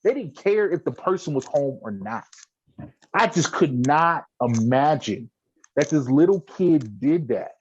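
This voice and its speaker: Animated profane man telling a story. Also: on the high side, measured pace, husky, highs cut off. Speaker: podcast co-host. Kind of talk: casual chat.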